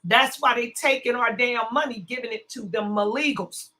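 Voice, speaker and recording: A woman's voice: fairly high pitch, moderate pace, bright, forceful tone, poor audio. A woman hosting a casual commentary livestream, blunt and cussing, her voice strained from a sore throat. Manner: blunt, cussing, chatty, greets viewers. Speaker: livestream host.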